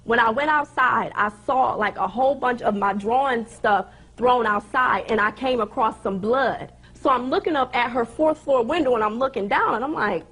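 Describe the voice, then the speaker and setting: A woman suing in a TV courtroom, telling her story in a lively way and acting out what people said. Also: a little high, moderate pace, husky. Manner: animated storytelling, acting out quoted voices. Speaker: plaintiff. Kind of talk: courtroom testimony.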